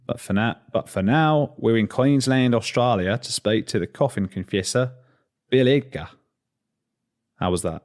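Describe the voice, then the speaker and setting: A man's voice: on the low side, expressive, normal speed, darkish tone. A man hosting a podcast, chatty and self-mocking, reading an intro and then interviewing a guest. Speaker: podcast host.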